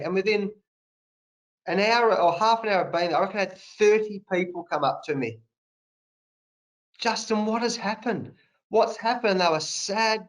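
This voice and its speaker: A man in his fifties with an Australian accent and a sore throat, telling lively anecdotes full of slang as a guest on a video call. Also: high-pitched, poor audio. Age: 50s. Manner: animated anecdotes with colloquial slang. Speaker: guest, national cricket coach. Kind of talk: conversational storytelling.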